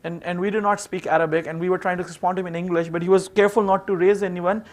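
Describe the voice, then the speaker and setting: A man's voice: high-pitched, little pitch movement, racing. A man giving an informal seminar talk, telling stories in a conversational way with plenty of fillers. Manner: conversational, full of "you know" fillers. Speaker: seminar speaker.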